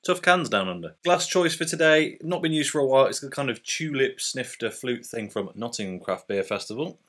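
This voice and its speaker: A man's voice: medium pitch, lively intonation, a little fast, fairly bright tone. A British man hosting a casual beer review vlog, chatty and upbeat with loose fillers. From Britain.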